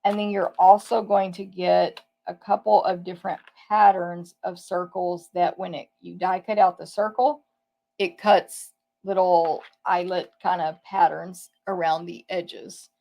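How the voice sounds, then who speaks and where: Chatty woman with a gravelly low voice. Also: level tone, a little slow, lo-fi sound. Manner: chatty, thinks aloud and corrects herself. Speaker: papercraft demonstrator. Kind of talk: casual live product tour.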